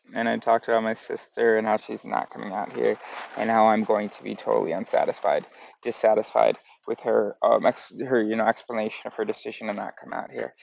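Low, gravelly man rambling. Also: highs cut off, a little hiss or hum. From United States. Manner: meandering, self-correcting. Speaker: vlogger. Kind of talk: casual rambling monologue.

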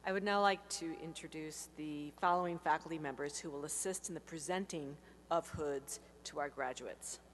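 Low-voiced woman announcing names. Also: moderate pace. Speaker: ceremony announcer. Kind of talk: formal announcements and name reading. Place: large hall. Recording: faint hum.

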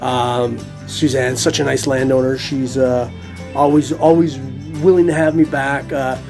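A man's voice: medium pitch, steady tone, measured pace, darkish tone, soft background music. A middle-aged man vlogging his metal detecting finds in a chatty, upbeat way, laughing often. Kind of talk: casual vlog talk to camera.

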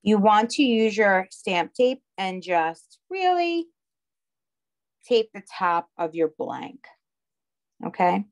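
A woman's voice: mid-range voice, animated, slow pace, long pauses. A woman with a heavy Long Island accent teaching a live online craft class, chatty and often checking in with her viewers. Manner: chatty, checks in with "okay?" and "all right". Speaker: craft instructor.

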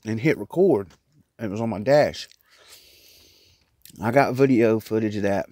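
A man's voice: on the low side, unhurried, pauses often, a little mellow, dry recording, clean studio sound. A man vlogging casually from inside a small closet, rambling in a loose, chatty way while he eats. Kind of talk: casual mukbang chat.

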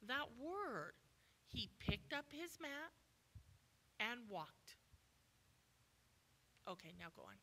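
A woman giving a sermon as a guest preacher in a church, emphatic, often asking the congregation questions and acting out quoted lines with sudden loud commands. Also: on the high side, sing-song, slow pace, pauses often, slight background noise.

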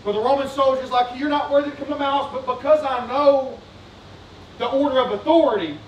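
A pastor with a strikingly high voice preaches with fervor, circling back on his points and putting questions to the congregation. He sounds a little off-mic, and his voice rings through a reverberant church sanctuary with faint room ambience behind it. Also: fairly quick, far from the mic, dull audio, a little hiss or hum. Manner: fervent, repetitive, asks the congregation questions. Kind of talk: sermon.

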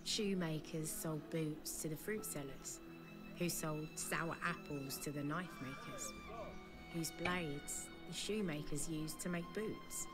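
A woman voicing a game protagonist, giving wry, measured scripted narration. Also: sits low, music in the background.

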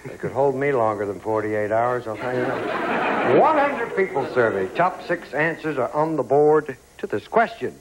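A man with a medium-pitched, animated voice hosts a game show in a TV studio, speaking at normal speed. He jokes and teases contestants with puns. The audio is very noisy, with a loud studio audience and ambience.

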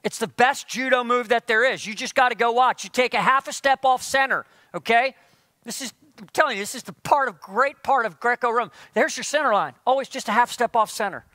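A man preaching a sermon as pastor, animated and firing rhetorical questions at his listeners. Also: extremely high pitch, brisk, no echo.

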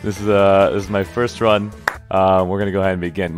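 A young man streaming himself through a workout, joking with viewers, loud and animated, getting out of breath. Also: deep voice, brisk, soft background music. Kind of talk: casual comedic workout stream.

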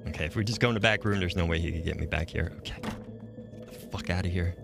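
A man's voice: deep voice, quick pace, creaky, music in the background. A man streaming a horror game, reacting aloud in casual, profane commentary.

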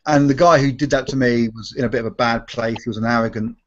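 A man's voice: mid-range voice, fairly even intonation, quick pace, slight background noise. A man, a restaurant magician, casually telling stories in a live Q&A and correcting himself as he goes. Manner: rambling, self-correcting, acts out quoted voices. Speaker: restaurant magician and comedy performer. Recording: dull lo-fi stream audio.

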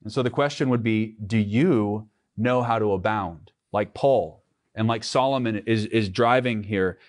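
A man's voice: on the low side, measured pace. A man, the pastor, preaching an earnest sermon in church, often restarting his phrases and reading scripture aloud.

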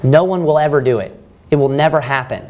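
A man's voice: fairly high pitch, fast talker. A man leading a Bible study sermon, reading scripture aloud and asking his listeners questions. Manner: animated, quotes scripture, asks the room questions.

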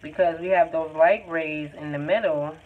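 A woman's voice: low-pitched, fairly even intonation, moderate pace. Chatty woman teaching painting over a tinny line. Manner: chatty, encouraging, loose and informal. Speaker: art tutor. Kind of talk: live painting tutorial. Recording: tinny phone-like sound, faint noise.

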